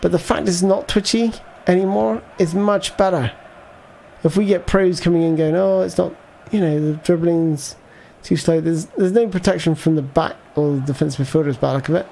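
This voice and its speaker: A man's voice: a little high, moderate pace, vocal fry, mellow, slight background noise. A man giving casual live commentary as he plays a football video game, thinking aloud and answering viewer chat. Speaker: gaming livestreamer.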